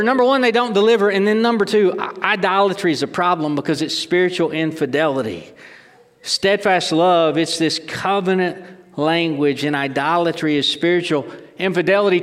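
A man's voice: high voice, moderate pace, long reverb tail. A middle-aged man, a pastor, delivering a sermon emphatically, with rhetorical questions and restarts.

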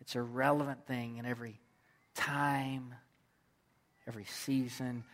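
A man's voice: mid-range voice, level tone, unhurried. A man preaching a sermon, telling a story and repeating phrases for emphasis. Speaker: pastor.

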